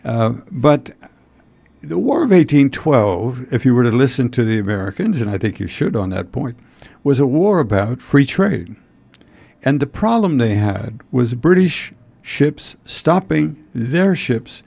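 Man, talk show host, gravelly voice, halting, rambling, wry asides. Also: medium pitch, a little mellow. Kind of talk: casual political talk show chat.

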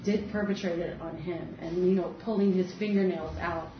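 A woman's voice: on the low side, steady tone. Earnest woman speaking from the floor. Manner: earnest, halting, with fillers. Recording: echoey hall, distant mic, dull sound, background noise.

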